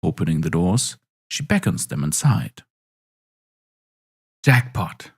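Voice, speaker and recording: Low gravelly guy reading a story out loud, voice goes up and down a ton. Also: huge pitch swings, measured pace. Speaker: narrator. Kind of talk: story narration.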